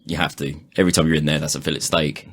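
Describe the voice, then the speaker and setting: A deep-voiced man with a husky edge, talking loosely on a casual podcast. He is sweary and laid-back, and he laughs between thoughts. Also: level tone, rapid-fire. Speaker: podcast co-host. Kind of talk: casual chat.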